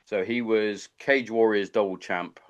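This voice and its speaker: A man's voice: on the low side, fairly even intonation, a little slow, muffled recording. A man hosting a podcast, chatting casually and telling long rambling anecdotes full of swearing. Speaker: podcast host. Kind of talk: casual chat.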